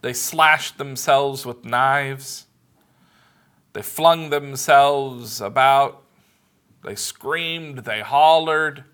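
A man preaching a sermon as pastor, earnest and measured, leaning on emphatic pauses. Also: mid-range voice, a bit bright, clean tone.

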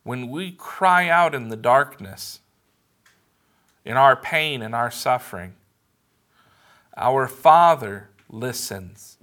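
Slow, bright-voiced preaching man. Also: medium pitch, lively intonation. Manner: earnest, measured preaching with emphatic pauses. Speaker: pastor. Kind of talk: sermon.

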